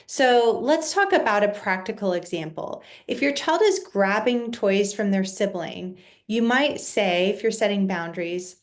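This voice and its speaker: A woman counselor calmly explaining parenting boundaries in an educational video, measured and patient, with the occasional restart. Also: mid-range voice. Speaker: child and family counselor.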